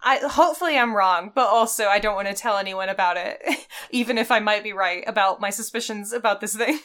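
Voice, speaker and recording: A young woman co-hosting a casual book discussion podcast, wry and quick to laugh. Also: mid-range voice, a bit bright. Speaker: podcast co-host.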